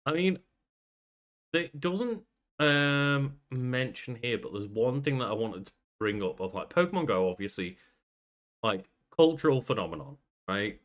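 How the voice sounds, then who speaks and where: A man's voice: mid-range voice, animated, a little slow. A man co-hosting a casual podcast, chatty, laughing often and swearing offhand. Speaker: podcast co-host. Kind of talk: casual chat.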